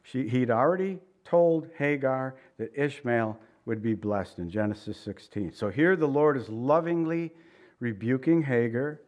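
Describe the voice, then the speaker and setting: A man's voice: mid-range voice, animated, unhurried, darkish tone. A middle-aged man preaching a sermon in a conversational way, asking the listeners rhetorical questions. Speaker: pastor.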